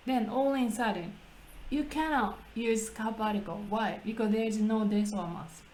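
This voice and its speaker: A woman's voice: on the high side, normal speed, darkish tone, a little hiss or hum, poor audio. A woman with a Japanese accent explaining grammar in English, going step by step and asking rhetorical questions. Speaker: English practice host. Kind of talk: casual teaching chat.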